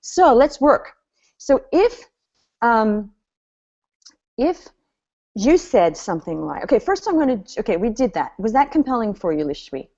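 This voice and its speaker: A woman business coach running an online seminar, animated and chatty, laughing often as she talks. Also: on the high side, a little slow, long pauses. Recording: slightly dull lo-fi audio.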